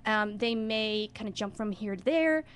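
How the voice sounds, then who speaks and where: A woman's voice: mid-range voice, normal speed. A woman who directs children's theater, talking as a guest in a radio studio interview with enthusiasm and expression.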